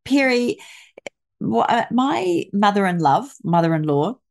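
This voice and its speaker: A woman's voice: medium pitch, sing-song, measured pace, creaky. A woman hosting a casual chat, asking long, winding questions. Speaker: host.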